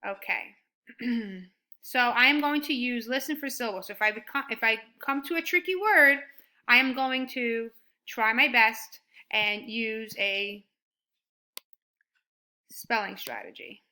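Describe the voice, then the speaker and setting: A woman teaching a first grade writing lesson, sounding out words slowly and praising her students. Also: a little high. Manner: slow and deliberate, sounding out words; encouraging, animated when praising.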